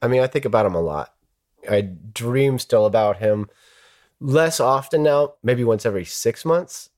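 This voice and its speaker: In an emotional personal recollection, an interviewee speaks openly and reflectively about painful dreams, laughing through the hard parts. The voice is mid-range and animated, a little mellow, at a normal speed.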